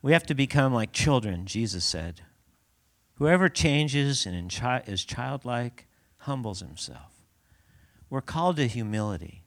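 A man's voice: medium pitch, animated, unhurried. A man giving a conversational sermon as a pastor in a church, laughing often and asking the congregation rhetorical questions.

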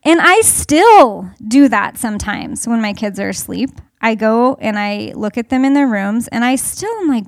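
A woman's voice: high voice, no echo, studio quality. A middle-aged woman giving a candid, chatty personal talk to a group, full of fillers. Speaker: speaker.

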